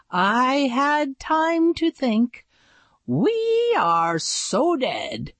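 A woman narrates an audiobook adventure with slow, deliberate pacing. Her fairly low voice rises and falls expressively, recorded close and dry. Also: dry recording. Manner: dramatic, expressive storytelling.

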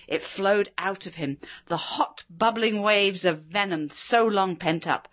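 A woman reading a story aloud with a dramatic, expressive delivery. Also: mid-range voice, a little slow, few pauses, dry recording.

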